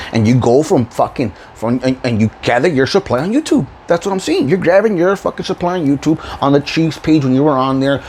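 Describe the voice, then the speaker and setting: A man's voice: fairly high pitch, lively intonation, brisk, hardly any pauses, a little mellow, a little hiss or hum, poor audio. A man hosting his own video channel, delivering a profane, confrontational rant with frequent laughs. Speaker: YouTube channel host. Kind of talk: ranting vlog monologue.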